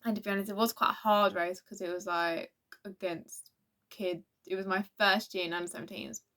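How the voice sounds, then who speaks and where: A woman's voice: medium pitch, fairly even intonation, fairly quick, bright, forceful tone. A teenage girl, telling a rambling storytime in a casual vlog, full of restarts and acted-out quotes. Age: teens. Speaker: vlogger.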